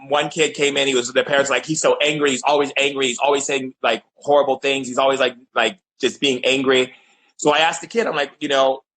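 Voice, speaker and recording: A man's voice: medium pitch, poor audio. A man in casual conversation, telling an anecdote and acting out the voices of the people in it. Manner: animated, acts out quoted voices in anecdotes. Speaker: shaman and host.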